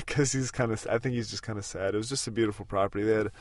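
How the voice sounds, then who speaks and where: A man's voice: fairly low pitch, steady tone, quick pace, no room sound. Casting: man in his thirties, podcast host, casual road-trip chat, dry close sound, rambling. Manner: rambling, with many fillers and restarts.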